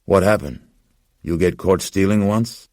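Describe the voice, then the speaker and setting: A man doing a brash young street thief, defensive, foul-mouthed, deep gravelly voice, dry audiobook sound. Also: unhurried, a little mellow, no echo.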